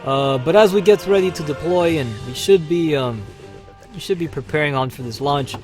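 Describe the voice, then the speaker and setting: A man's voice: fairly high pitch, normal speed, a little mellow, faint music behind. A man hosting a casual gaming livestream, chatting upbeat with viewers while he plays. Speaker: livestream host.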